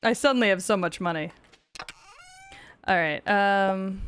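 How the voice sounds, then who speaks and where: A woman's voice: medium pitch, unhurried, long pauses, a bit bright. Woman streamer, casual gaming chat, giggly, swears a lot, faint hiss behind. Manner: giggly, chatty, swears often.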